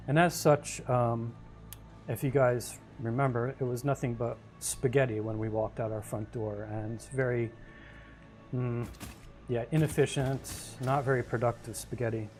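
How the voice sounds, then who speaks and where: A relaxed man talking through a game livestream, easygoing and a bit rambling. His pitch sits at an ordinary middle level, and faint music plays behind him. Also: measured pace. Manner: easygoing, rambling, chuckles to himself. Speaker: game streamer. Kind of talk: casual livestream chat while gaming.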